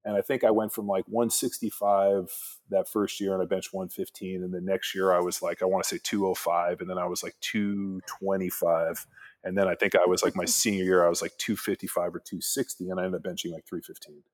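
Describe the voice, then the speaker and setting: A man in his forties with a very low, husky voice tells long, rambling stories with an easygoing manner. He fills his speech with fillers and acts out the other people in his stories. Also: level tone, fairly quick. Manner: laid-back, rambling with many "like" fillers, acts out quoted voices. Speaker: podcast guest, former pro football player. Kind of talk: casual storytelling chat.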